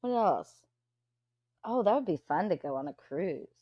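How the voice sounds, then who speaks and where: A woman's voice: lowish voice, animated, normal speed, no room sound, dull audio. A woman, hosting a livestream and chatting casually with viewers, blunt and profane. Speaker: livestream host. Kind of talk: casual chat reading out viewer comments.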